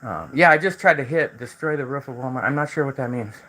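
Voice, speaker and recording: A man's voice: medium pitch, fast, pushed and bright, rough recording. A man hosting a casual livestream, talking in a loose, rambling way that is full of repeated words and restarts. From United States. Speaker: livestream host.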